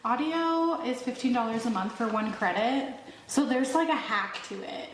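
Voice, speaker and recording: A woman's voice: fairly high pitch, normal speed. A woman guesting on a podcast, talking in a frank, joking way. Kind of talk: casual group chat. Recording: echoey room with chatter behind.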